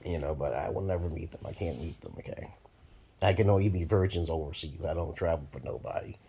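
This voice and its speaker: Deep husky man ranting bluntly. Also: a little fast. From Brooklyn, New York, USA. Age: 40s. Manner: profane, blunt, rambling with sudden loud jumps. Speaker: vlogger. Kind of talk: rambling monologue to camera.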